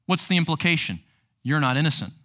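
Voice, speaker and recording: A man's voice: fairly high pitch, quick pace. A man teaching a Bible book to future counselors, reading verses aloud and asking rhetorical questions. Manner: animated, reads scripture aloud and asks rhetorical questions. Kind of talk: teaching sermon.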